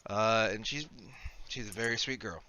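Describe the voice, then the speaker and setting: A man's voice: on the low side, normal speed, bright, forceful tone. A man playing a shady male debt collector who talks in a wheedling, offhand patter. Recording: dull lo-fi mic.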